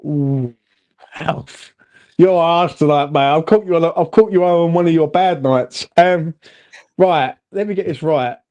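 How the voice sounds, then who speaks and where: A man co-hosting a casual football fan chat, animated and chatty, calling everyone "mate". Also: on the high side, measured pace, highs cut off. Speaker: fan channel co-host.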